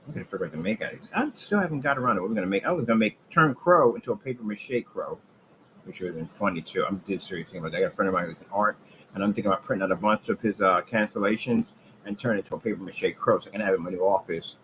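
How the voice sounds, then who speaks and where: A man delivering a rambling, boastful trash-talk rant about his business, taunting rivals and jumping from low mutters to loud outbursts. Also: rapid-fire, a little hiss or hum, rough recording. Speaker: business owner ranting on his channel.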